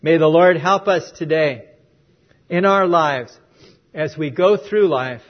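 High-voiced preacher with dull sound. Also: male voice, slow pace. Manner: swings from loud to hushed for emphasis. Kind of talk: sermon with a told story.

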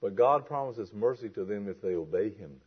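A man's voice: fairly low pitch, animated, normal speed, slightly rough, lo-fi sound. A man preaching a sermon and reading scripture aloud with strong emphasis. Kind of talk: expository sermon.

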